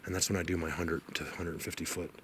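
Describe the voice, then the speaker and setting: A man vlogging while hiking in a forest, out of breath, rambling and excitable, sometimes dropping to a whisper. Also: deep voice, fast, background noise. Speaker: outdoor vlogger searching for Bigfoot. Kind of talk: casual walking vlog to camera. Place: forest outdoors.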